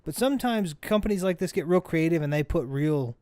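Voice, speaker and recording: Man, gameplay commentary, rambling, self-correcting, slightly high voice, dry close sound. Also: animated, fairly quick, mellow, clear, resonant tone, dry recording. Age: adult parent. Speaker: let's play host.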